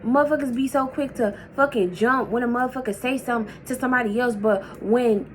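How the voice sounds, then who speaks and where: A woman vlogger telling a heated, profane storytime in a casual, animated way. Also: a little high, a little fast, slight background noise.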